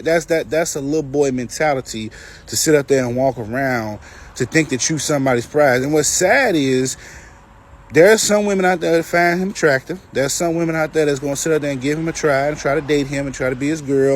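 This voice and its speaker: A man's voice: on the high side, brisk. A man giving casual reaction commentary, emphatic and repetitive, with a preachy edge as he addresses men and women directly.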